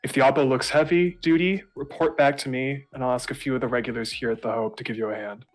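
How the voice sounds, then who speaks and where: A man narrating as game master of a tabletop game, in relaxed, chatty talk. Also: medium pitch, fast talker. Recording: faint music behind.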